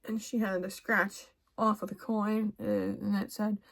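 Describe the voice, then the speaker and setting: Young woman vlogger, casual get-ready chat, rambling, restarts a lot, laughs softly. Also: mid-range voice, little pitch movement, unhurried, gravelly.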